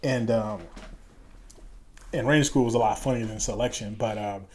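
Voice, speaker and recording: A man's voice: fairly low pitch, moderate pace, slight background noise. A middle-aged man from Chicago, a former Green Beret guest telling stories in a casual interview and acting out the people he quotes. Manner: animated storyteller, acts out quoted voices.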